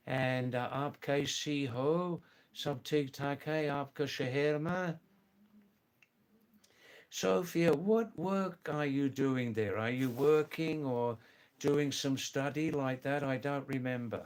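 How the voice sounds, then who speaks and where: A man hosting a live stream chats casually with viewers from a seat indoors, greeting them by name and repeating exclamations. His voice is fairly high and his pace slow.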